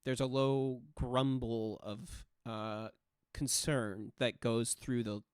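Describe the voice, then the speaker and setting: A man's voice: mid-range voice, fairly even intonation, slow, smooth, no room sound, clean studio sound. A man narrating a tabletop role-playing game as game master, describing scenes with frequent filler sounds.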